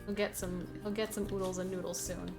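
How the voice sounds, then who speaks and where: A woman's voice: on the low side, level tone, brisk, gravelly, music in the background. A woman streaming a game live, chatting to viewers and scolding and pleading with the game animals, laughing at herself as she goes. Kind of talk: live gameplay stream commentary.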